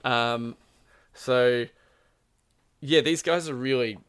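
A man's voice: medium pitch, slow pace, a bit bright, clean tone, no echo. A man casually telling a long story about a game, rambling with plenty of fillers and quoted lines. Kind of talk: casual chat.

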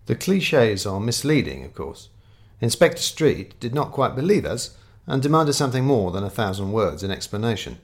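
A man's voice: medium pitch, big pitch swings, moderate pace. A man narrating a comic story in a dry, wry, understated way. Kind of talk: scripted audiobook narration.

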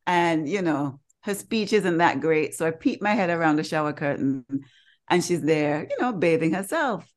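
A woman co-hosting a podcast, telling a personal story in a casual, animated way and acting out the voices of the people in it. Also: low voice, normal speed. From Caribbean. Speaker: podcast co-host. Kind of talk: casual chat.

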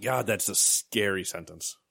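A man's voice: lowish voice, unhurried, vocal fry, a bit bright, no room sound, studio quality. A young man co-hosting a casual gaming podcast, joking and rambling with sarcastic asides, hiccuping now and then. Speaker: podcast co-host. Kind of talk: casual chat.

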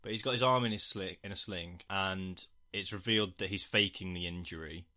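A man chats casually as a podcast co-host and retells scenes as he goes. His voice sits fairly low and sounds bright and forceful. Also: a little fast. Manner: rambling, retells scenes with quoted bits. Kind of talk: casual chat recapping a film.

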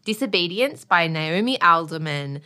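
A woman's voice: lowish voice, lively intonation, normal speed, sharp tone. A young woman co-hosting a podcast, chatting casually and reading out a listener email in a playful, sing-song way. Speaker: podcast co-host.

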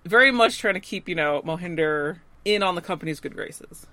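A woman's voice: fairly low pitch, animated, a little fast, bright, forceful tone, dry recording. A woman co-hosting a casual chat about a TV show, agreeing often and paraphrasing what the characters say. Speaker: podcast co-host.

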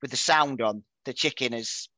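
Bright-voiced man chatting about football. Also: mid-range voice, normal speed, no echo. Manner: chatty, laughing, trailing off quietly. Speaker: podcast host. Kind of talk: casual football chat.

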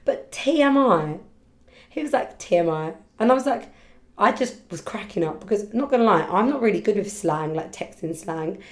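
A woman chats through a casual solo podcast, her voice mid-pitched and loose. She rambles from story to story, laughs easily and gets loud in excited bursts. The room rings with a roomy echo around her. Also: normal speed. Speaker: podcast host and hairdresser.

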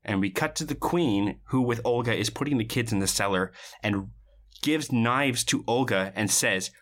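Animated woman recapping a movie. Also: extremely low pitch, normal speed. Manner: animated retelling, quoting characters with laughter. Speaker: podcast host. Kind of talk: casual movie recap chat.

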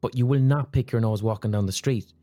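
A man's voice: mid-range voice, brisk, mellow. A man hosting a podcast interview, engaged and asking probing questions. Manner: engaged, asks probing questions, agrees often. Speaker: podcast host. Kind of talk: casual interview chat.

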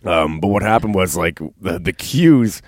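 A man's voice: sits low, lively intonation, measured pace, dry recording, studio quality. A man telling laid-back stories in casual chat, swearing and laughing often.

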